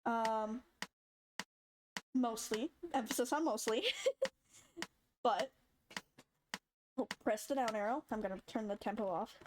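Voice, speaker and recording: A woman's voice: fairly high pitch, takes it slowly, long pauses, background noise. A young woman casually walking through a step-by-step tutorial, chatty and demonstrating sounds as she goes. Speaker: tutorial maker. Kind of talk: casual screen-recorded tutorial.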